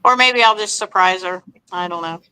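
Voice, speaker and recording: A woman's voice: fairly low pitch, moderate pace, clean tone, poor audio. A woman guest in a casual chat, often reacting with short exclamations and speaking with hesitant fillers. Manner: warmly responsive, hesitant fillers.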